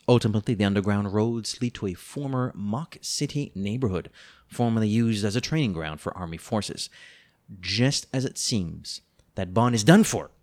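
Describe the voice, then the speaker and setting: A man co-hosting a book-review podcast, reading a plot summary with playful, teasing, mock-dramatic asides. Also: on the low side. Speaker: podcast co-host.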